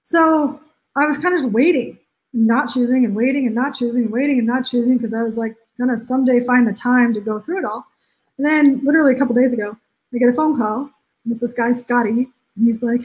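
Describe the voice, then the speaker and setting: A woman's voice: on the high side, fairly quick, a little mellow, rough recording. A woman coaching her viewers on a live stream, upbeat and emphatic, acting out the things people say. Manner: upbeat and emphatic, acts out quotes. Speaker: life coach.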